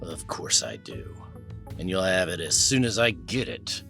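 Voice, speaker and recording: A man doing a weary aging private eye, low and placating. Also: moderate pace, fairly bright tone, faint music behind. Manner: placating, tries to sound friendly.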